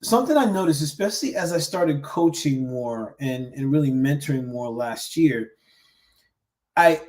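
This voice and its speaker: A man who founded a men's education group, coaching viewers in an earnest, animated live-stream talk with frequent restarts and pauses. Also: on the high side. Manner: mimics harsh self-talk in sharp raised bursts.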